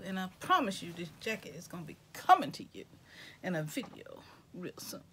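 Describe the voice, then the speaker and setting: A woman from Tennessee, chatting casually to camera, folksy and effusive, calling viewers y'all and honey and dropping into soft whispers. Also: fairly low pitch, very animated, brisk, heavy background noise. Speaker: vlogger showing gifts.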